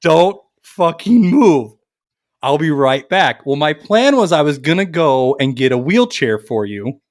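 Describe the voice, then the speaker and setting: A man's voice: medium pitch, moderate pace, dry recording, clean studio sound. A man co-hosting a podcast, telling a long story in casual chat, swearing freely and acting out what everyone said. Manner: animated, profane, acts out quotes. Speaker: podcast co-host.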